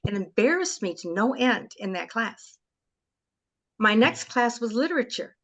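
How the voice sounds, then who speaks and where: A woman leads an online group talk over a video call, speaking at a middle pitch. She tells a personal story with heartfelt emotion, drawing listeners into her memories. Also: fairly bright tone. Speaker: webinar host.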